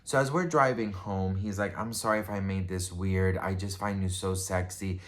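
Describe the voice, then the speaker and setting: A man's voice: low voice, steady tone, moderate pace. A man vlogger telling a personal story in a casual, rambling way, full of fillers and restarts. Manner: rambling, filler-heavy, chatty.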